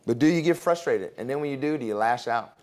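A man's voice: mid-range voice, lively intonation, fast talker, a little mellow. A man teaching a Bible class in a casual, conversational way, with chuckling asides, ending in prayer.

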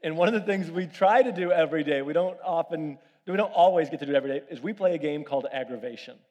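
A man with a fairly high voice delivers a sermon, jumping between animated family anecdotes and quieter appeals to the congregation. His voice carries a long hall reverb, as if recorded in a large church. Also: fast, lo-fi sound. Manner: animated storytelling with audience questions. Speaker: pastor.

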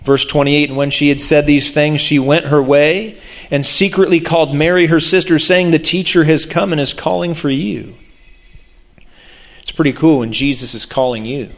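A man's voice: fairly high pitch, steady tone, normal speed. A man preaching a sermon, reading scripture aloud and breaking off for awed, reverent asides.

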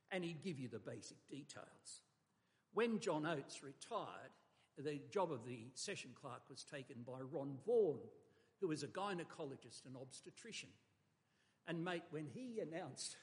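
A male pastor preaching a sermon in a church, emphatic and shifting his volume for effect. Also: fairly high pitch. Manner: emphatic, varies volume for effect, occasional stumbles. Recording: long reverb of a church hall.

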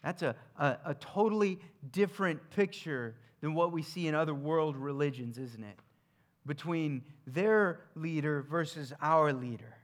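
A man preaching a sermon in a conversational way, moving between emphatic points and quiet, hushed passages. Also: on the high side, measured pace.

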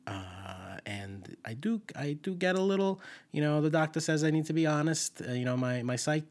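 A man with a Scranton, Pennsylvania coal-region accent co-hosting an improvised comedy podcast, rambling and halting with lots of fillers. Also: fairly high pitch, lively intonation, darkish tone. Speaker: podcast co-host.

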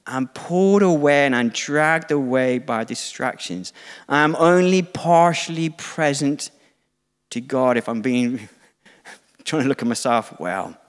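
A man's voice: mid-range voice, slow, smooth. Middle-aged man preaching in an echoing hall. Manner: conversational, self-deprecating, acts out quoted dialogue. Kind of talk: sermon.

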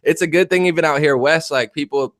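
A man's voice: on the high side, fairly quick, a bit bright, no echo. A man from New Jersey hosting an interview, talking in a laid-back, joking, slangy way. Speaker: podcast host. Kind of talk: casual interview chat. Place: West Coast of the US.

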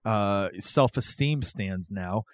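Animated man co-hosting a podcast. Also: on the low side, takes it slowly, no room sound. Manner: animated, reads news aloud with excited asides. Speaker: podcast co-host. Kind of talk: casual podcast chat.

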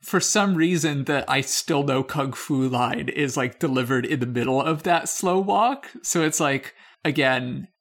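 A man's voice: medium pitch, a little slow, hardly any pauses, a bit bright. A young man co-hosting a casual film discussion, rambling through many fillers, laughing as he talks and swearing casually. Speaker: podcast co-host.

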